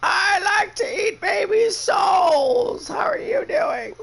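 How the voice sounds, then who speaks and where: A man putting on a shrill, screeching voice of an older, witchy mother-in-law in casual chat. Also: expressive, takes it slowly, gravelly, raised voice, heavily acted. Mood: shrieking. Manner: cackling exaggerated greetings.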